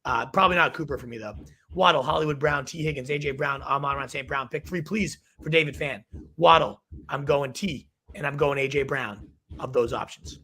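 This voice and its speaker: A young man hosting a live fantasy football advice show, firing off quick verdicts while losing his voice. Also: on the high side, pushed and bright.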